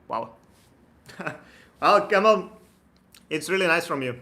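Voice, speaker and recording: Bright-voiced man hosting a live Q&A. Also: on the high side, slow, pauses often. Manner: relaxed, chatty, laughs easily, reads viewer comments aloud. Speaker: immigration consultant hosting a live Q&A. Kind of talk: casual live-stream Q&A.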